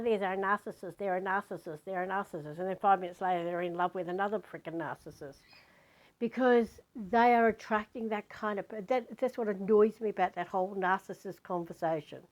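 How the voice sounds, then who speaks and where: Low-voiced woman telling a spiritual story. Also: low-quality recording. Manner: animated, emphatic, repeats words for stress; frank, swears casually. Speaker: spiritual teacher. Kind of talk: personal storytelling vlog.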